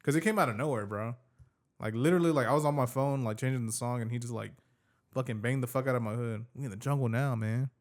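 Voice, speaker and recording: A man's voice: mid-range voice, quick pace. A man hosting a podcast, telling a story in casual, slangy, swearing chat. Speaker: podcast host.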